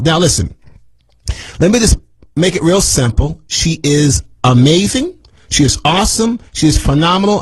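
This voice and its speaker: A man hosting a radio talk show, emphatic and repeating his phrases like a sales pitch. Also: slightly rough, poor audio.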